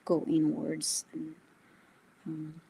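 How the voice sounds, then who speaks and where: Soft-spoken husky woman giving readings. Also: deep voice, monotone, very slow, poor audio. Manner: soft, hesitant, many ums and restarts. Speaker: psychic reader, co-host. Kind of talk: live psychic reading session.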